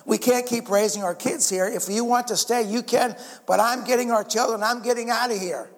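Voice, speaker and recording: A man's voice: very high-pitched, fairly even intonation, moderate pace, pitched above the performer's own voice. A man voicing a desperate, insistent mother. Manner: urgent, insistent. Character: desperate, determined mother and pastor's wife. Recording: reverberant hall.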